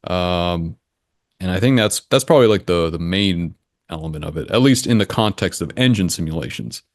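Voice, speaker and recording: A young adult man answering interview questions in a measured, matter-of-fact way, thinking aloud as he explains. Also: sits low, animated, dry recording, studio quality. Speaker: interview guest, engine simulation creator.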